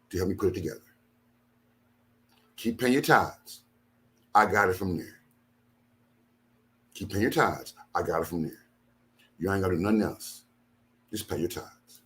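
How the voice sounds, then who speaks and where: Deep-ish voiced guy preaching at his people, keeps repeating lines, goes quiet then loud. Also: lively intonation, normal speed, long pauses. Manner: emphatic, repeats phrases, swings from low and quiet to loud bursts. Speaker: minister. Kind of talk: impassioned talk to followers.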